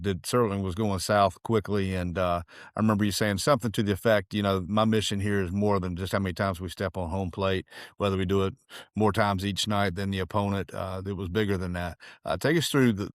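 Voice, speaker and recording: A man's voice: lowish voice, no room sound, clean studio sound. A man hosting a podcast, friendly and asking the guest long questions. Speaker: podcast host. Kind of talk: interview questions.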